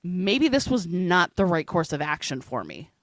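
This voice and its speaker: A woman speaking as an interview guest, telling a personal story in a halting, earnest way with frequent restarts. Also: on the low side, sing-song, a bit bright, no echo.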